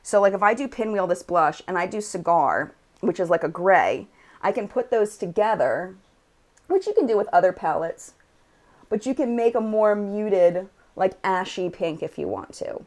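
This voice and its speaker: A woman's voice: mid-range voice, expressive, normal speed, darkish tone. Woman, American accent, casual live-stream chat, reads comments aloud, swatches makeup. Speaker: beauty YouTuber hosting a live chat.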